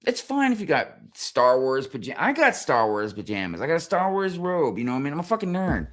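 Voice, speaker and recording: Brief: male streamer, profane comedic rant, lively up-and-down delivery, exasperated. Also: fairly high pitch, a little fast. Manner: swears constantly, animated and exasperated.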